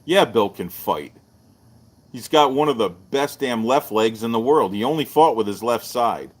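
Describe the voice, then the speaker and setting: A middle-aged man, hosting a live-streamed martial arts show and telling stories in a loose, animated way. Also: normal speed. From Texas. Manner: animated storyteller, jumps up in pitch for quoted voices. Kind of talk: casual storytelling to a live stream.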